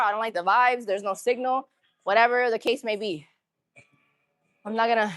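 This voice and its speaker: There's no room sound around this woman's fairly high voice. She's working out on a livestream in an empty gym, chatting with viewers in a pumped-up, slangy style and greeting them.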